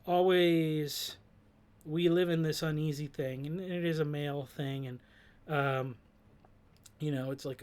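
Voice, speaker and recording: Speaking unhurriedly in a fairly high, steady voice, a man who hosts a program reflects on a song's words. His thoughtful commentary is hesitant, peppered with fillers and restarts.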